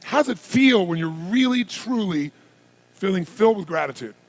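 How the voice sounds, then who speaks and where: A man works a seminar crowd with a high, swooping voice that leaps all over its range. His tone is gravelly and raspy, and he fires question after question at the room. He builds from low intensity to shouted hype. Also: expressive, low-quality recording. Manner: rapid-fire rhetorical questions, commanding the crowd. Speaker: motivational speaker. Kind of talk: live seminar speech to an audience.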